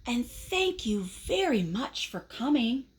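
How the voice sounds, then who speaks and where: A kindly storybook moon speaks softly and gently , as a woman reading aloud puts it on. The voice is hushed and calm, with a slow, unhurried delivery. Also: fairly high pitch. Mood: gentle. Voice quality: soft, hushed.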